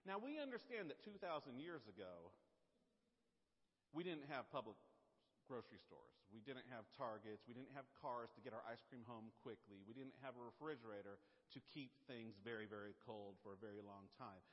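A middle-aged male pastor preaching a sermon, telling self-mocking stories in an animated way. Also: medium pitch, moderate pace. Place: church sanctuary. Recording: dull sound in a reverberant hall.

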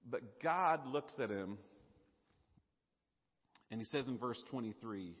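A man preaching a sermon in an animated, conversational way, with fillers and repeated words. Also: medium pitch, takes it slowly, long pauses, husky. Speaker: pastor. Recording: dull lo-fi sound, long hall reverb.

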